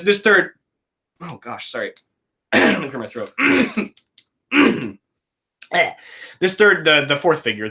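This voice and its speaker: Bright, animated male game master. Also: mid-range voice. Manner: rambling, self-correcting, playful. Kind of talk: narrating a tabletop game.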